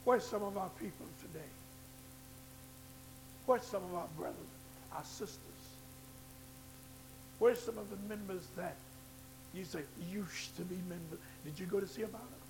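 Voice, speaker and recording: A man preaching a sermon in church, swinging between low asides and shouted, fervent climaxes. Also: moderate pace, pauses often, background noise.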